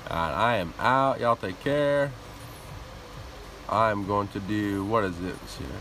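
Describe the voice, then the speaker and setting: A man's voice: medium pitch, slight background noise. A man streaming a shooter game, talking casually and cursing at other players as he plays. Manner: profane, animated trash talk. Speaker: live streamer. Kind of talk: casual gameplay commentary.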